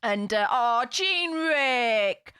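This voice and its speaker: A woman hosting a live stream in a high, bright-pitched voice, gushing over her viewers with warm thanks. She takes her time with her words, unhurried and chatty. Her voice sounds close and dry, with no room around it. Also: animated, smooth, no room sound. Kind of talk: casual live-stream chat.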